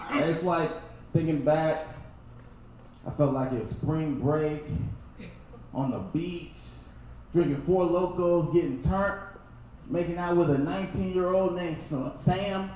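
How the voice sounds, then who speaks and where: A young adult man from Texas doing a loose, laughing stand-up set that keeps jumping into loud impressions. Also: high-pitched. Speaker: stand-up comedian. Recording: very echoey room, faint noise.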